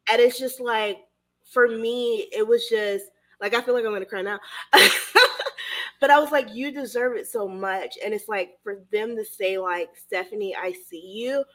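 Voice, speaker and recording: A woman's voice: mid-range voice, normal speed. A woman hosting a podcast interview, gushing and emotional, talking in a loose casual way with lots of fillers. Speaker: podcast host.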